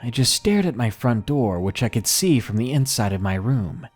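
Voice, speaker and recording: A man reading submitted horror stories aloud in a measured, somber first-person narration. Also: mid-range voice, big pitch swings, darkish tone, faint music behind.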